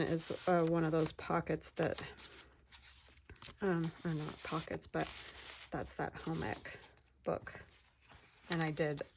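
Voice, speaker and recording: Low, gravelly-voiced woman chatting casually. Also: noisy background. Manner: chatty, meandering, trails off mid-sentence. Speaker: craft vlogger. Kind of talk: casual journal flip-through narration.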